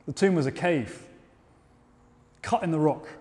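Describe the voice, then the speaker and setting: A man preaching a sermon, telling the story in a measured way and rising to loud, emphatic peaks. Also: fairly high pitch. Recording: long hall reverb.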